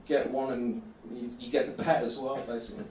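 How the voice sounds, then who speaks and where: A man doing a stand-up comedy set in a club, telling absurd stories deadpan. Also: medium pitch, fairly quick, slight background noise. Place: comedy club bar room. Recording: echoey club room from a distant mic.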